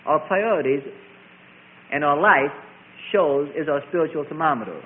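A man's voice: fairly high pitch, moderate pace, a little hiss or hum. Emphatic preacher man, phone-like sound. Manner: emphatic, repeats and contrasts key phrases. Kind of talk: sermon. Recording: tinny phone-like sermon recording.

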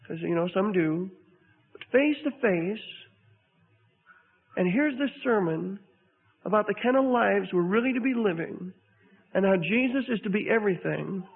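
A man preaching a sermon in an earnest, halting way, often repeating himself as he speaks to his congregation in a church. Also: high-pitched, vocal fry. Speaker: pastor. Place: church sanctuary. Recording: tinny lo-fi sermon recording in a reverberant hall.

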